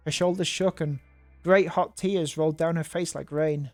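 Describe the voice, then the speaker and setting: A man's voice: fairly high pitch, fairly even intonation, normal speed, darkish tone, soft background music. A man reading a visual novel aloud, adding offhand, mocking comments and stumbling over words. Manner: casual, mocking asides and stumbles while reading. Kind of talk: reading aloud with casual asides.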